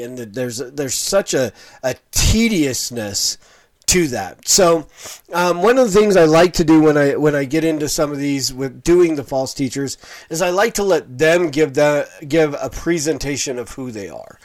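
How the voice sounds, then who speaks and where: A man's voice: on the high side, expressive, moderate pace. A middle-aged man giving casual video commentary on preachers, rambling with fillers and restarts.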